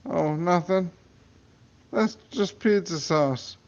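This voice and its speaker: A man's voice: sits high, slow pace, muffled recording, pitched above the performer's own voice. A man voicing a crude, scheming little creature that smokes. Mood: offhand. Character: crude scheming small creature, chain-smoking.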